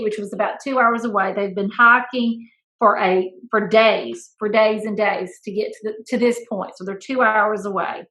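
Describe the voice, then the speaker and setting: A woman co-hosting a casual chat, telling a story with playful teasing and an animated delivery. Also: a little high, rough recording. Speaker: school principal, podcast co-host.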